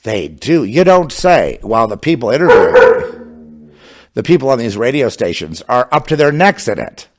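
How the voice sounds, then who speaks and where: A man's voice: medium pitch, very animated, moderate pace, noisy background. A man delivering an impassioned religious monologue, fervent and sarcastic, with bursts of scornful laughter. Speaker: religious commentator.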